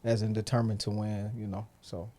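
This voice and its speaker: A man, a rapper guest, joking and animated in casual talk. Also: brisk. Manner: animated, joking, trails off low. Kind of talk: casual interview chat.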